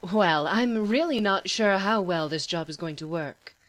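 A woman's voice: medium pitch, expressive, moderate pace, natural voice. A woman reading a haughty grande dame, stiffly upright and aloof. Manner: haughty, with a put-on British air.

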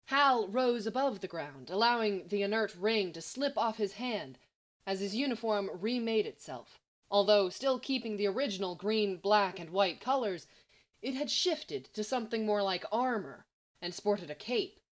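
Brief: a woman reading fiction aloud, measured and even. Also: medium pitch. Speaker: story reader. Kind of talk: read-aloud fan fiction narration.

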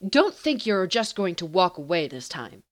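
A woman's voice: fairly low pitch, sing-song, moderate pace. Woman doing tough lady deputy, bossy clipped talk, storybook read. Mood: commanding. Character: tough no-nonsense female deputy. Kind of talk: audiobook character reading.

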